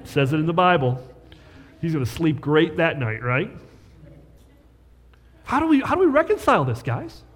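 A man's voice: a little high, big pitch swings, normal speed, long pauses, a bit bright, big-room sound. A man preaching a sermon as pastor, talking conversationally and checking in with rhetorical questions.

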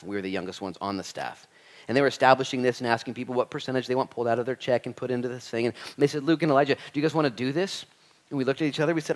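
Guy pastor preaching, jumps into silly voices for quotes, jokey and animated. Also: mid-range voice. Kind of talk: sermon.

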